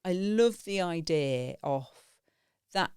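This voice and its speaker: A woman's voice: lowish voice, lively intonation, takes it slowly, darkish tone, clean tone, dry recording, clean studio sound. A woman co-hosting a parenting podcast, talking in a thoughtful, reflective way with laughs and restarts. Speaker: podcast co-host. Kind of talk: casual parenting chat.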